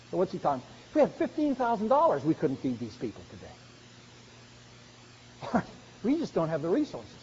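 A man's voice: a little high, darkish tone, slight background noise. A man preaching a sermon, earnest and growing emphatic as he presses his point. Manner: earnest, rising to emphatic exhortation. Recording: dull sound with long hall reverb.

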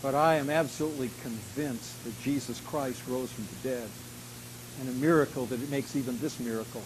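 A man preaching a sermon, reading scripture dramatically, slowing down and rising in volume on key lines, then dropping to a quiet, intimate tone. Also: mid-range voice, a little hiss or hum, low-quality recording. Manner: dramatic, slows and rises to a shout on key lines. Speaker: pastor.

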